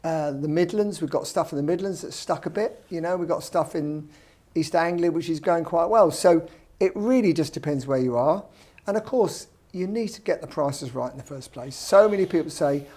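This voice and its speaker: British guy talking property, blunt, bit higher voice, dry jokes. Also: warm tone. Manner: blunt, anecdotal, wry asides. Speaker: property developer guest. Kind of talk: casual podcast chat.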